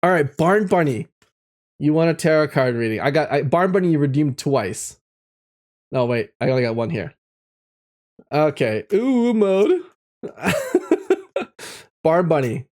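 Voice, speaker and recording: A man's voice: fairly high pitch, normal speed, long pauses, a little mellow. A man live-streaming casually, reading chat messages aloud and drawing tarot cards, reflective and encouraging, laughing often.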